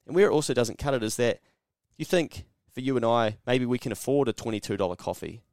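A man's voice: mid-range voice, quick pace, darkish tone, dry recording, clean studio sound. A man with a New Zealand accent hosting a solo podcast, talking bluntly and sarcastically and acting out mock dialogues. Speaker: podcast host. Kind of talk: casual solo podcast monologue.

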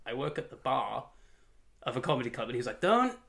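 A young man co-hosting a podcast, telling comic anecdotes in a casual, animated way, often laughing and imitating other people in a lower voice. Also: fast, gravelly. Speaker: podcast co-host. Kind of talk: casual comedic storytelling.

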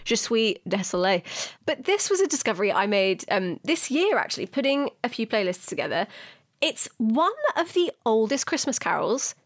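A young woman with a high, bright-pitched voice chats away as a podcast co-host, giggling and poking fun at herself. The recording is close and dry, with almost no room sound. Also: sing-song, moderate pace, no room sound. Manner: chatty, giggly, self-mocking. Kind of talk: casual chat.

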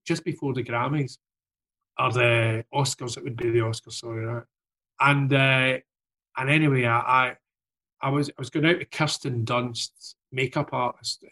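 A man's voice: mid-range voice, fairly bright tone. Sweary man telling a rambling story. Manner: swears freely, rambling with many "right?" tags. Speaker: guest storyteller. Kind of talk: casual anecdote.

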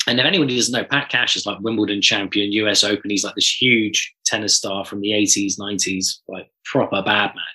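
Male drummer, bright voice, lively anecdotal chat, swears freely. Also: fairly low pitch, a little fast, hardly any pauses, poor audio. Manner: animated storyteller, swears casually. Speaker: drummer guest. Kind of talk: casual podcast chat.

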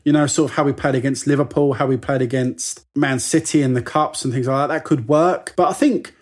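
A man in casual football chat, chatty and jokey, slipping into quick impressions of people. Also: medium pitch, steady tone. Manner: chatty, jokey, mimics people mid-story. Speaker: football podcast co-host.

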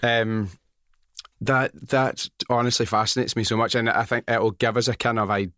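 A man's voice: medium pitch, fairly even intonation, normal speed, a bit bright, dry recording, clean studio sound. A man with a Scottish accent hosting a podcast, asking curious, rambling questions and cracking jokes in casual chat. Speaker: podcast host.

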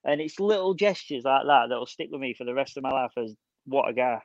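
Excitable man, dry and dull. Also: medium pitch, no room sound. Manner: excitable storyteller, quick restarts. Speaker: podcast co-host. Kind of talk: casual football chat.

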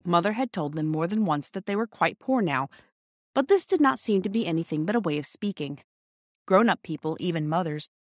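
A woman reading a classic children's storybook aloud in a gentle, measured way. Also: fairly low pitch, no echo, clean studio sound. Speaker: audiobook reader. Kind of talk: storybook narration.

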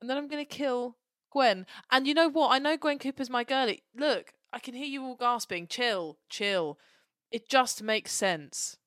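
Excitable, sweary woman co-host. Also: high voice, moderate pace, no echo, studio quality. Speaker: podcast co-host. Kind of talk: casual chat.

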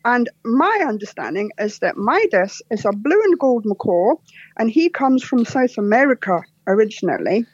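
A woman from Scotland with a soft, posh Scottish accent, chatting as a podcast guest, laughing often and telling jokes. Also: a little high, sing-song, moderate pace, breathy edge, dry recording, lo-fi sound. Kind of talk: casual interview chat.

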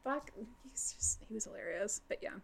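A young woman co-hosting a casual book chat, animated and swearing, laughing often. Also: medium pitch, normal speed, creaky, slightly rough. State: tipsy. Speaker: podcast co-host.

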